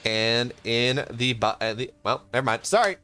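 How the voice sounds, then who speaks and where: Lively young male esports caster. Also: medium pitch, soft background music. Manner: rambling, self-interrupting, quick to laugh. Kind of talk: live game commentary.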